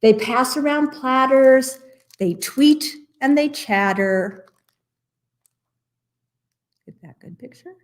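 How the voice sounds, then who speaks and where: A woman with a high-sitting voice reads a rhyming picture book at library storytime, taking it slowly and pausing often. She's playful and expressive, making asides about the pages.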